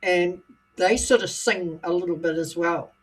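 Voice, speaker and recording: A woman's voice: fairly low pitch, slightly rough. A woman from New Zealand with a Scottish-tinged New Zealand accent, chatting playfully on a live stream. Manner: playful, teasing, quick to laugh. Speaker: guest. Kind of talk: casual live-stream chat.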